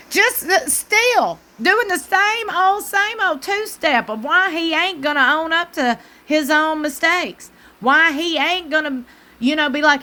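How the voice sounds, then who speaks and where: A woman's voice: sits high, very animated, measured pace, bright, forceful tone. Sassy Southern woman recapping TV. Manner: sassy, talks back to the screen, preacher-like asides. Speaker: TV recap host. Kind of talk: casual reality-TV recap commentary.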